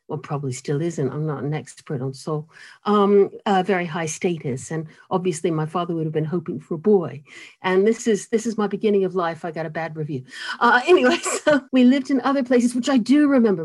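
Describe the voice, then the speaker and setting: Older woman, mid-Atlantic accent, lively. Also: on the low side. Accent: mid-Atlantic mix of American and British. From United States. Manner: animated and self-deprecating, laughing often. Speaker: guest author and cellist. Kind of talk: conversational interview storytelling.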